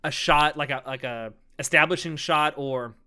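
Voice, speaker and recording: A man with a fairly high, bright voice co-hosts a casual discussion podcast. He chats agreeably and fills his sentences with quick filler words. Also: clear, resonant tone. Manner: chatty, agreeable, filler-heavy. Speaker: podcast co-host.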